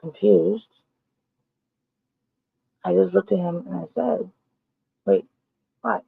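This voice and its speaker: Slow and fairly even in her delivery, a woman vlogger recounts a story with blunt emphasis and frequent swearing. Her lowish voice carries vocal fry and a slight roughness, heard through a tinny, phone-like, dry recording.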